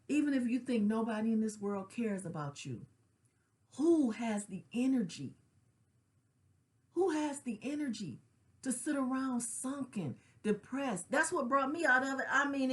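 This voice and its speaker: Very animated and barely pausing, a middle-aged woman with a voice on the high side talks at a moderate pace about grief. She's a grief counselor describing her own loss in a personal, conversational way, using casual slang and often asking "right?"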